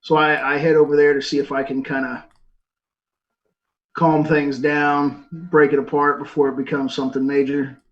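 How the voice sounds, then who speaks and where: A man player in a tabletop game with a somewhat high voice. He talks casually and tentatively and thinks aloud. The recording sounds dull and lo-fi. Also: flat delivery, normal speed.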